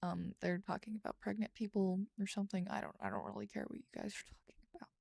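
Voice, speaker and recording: A woman's voice: mid-range voice, little pitch movement, fast, creaky, a little mellow, slightly rough, dry recording. A young woman streaming as she writes, chatting casually and rambling, often dropping to a mumble or whisper as she types. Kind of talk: casual live-stream chat while writing.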